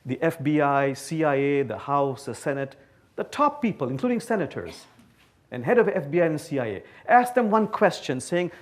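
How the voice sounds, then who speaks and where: A man from Bangladesh, giving an animated, playful public lecture to a live audience. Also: fairly high pitch, moderate pace. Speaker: guest speaker. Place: talk before a live audience.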